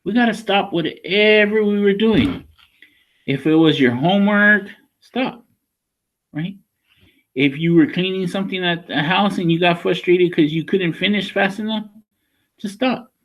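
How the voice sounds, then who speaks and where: A man's voice: high-pitched, measured pace. A man working as a school counselor, talking a class of children through a lesson in a conversational way and checking in often with "right?" and "okay?".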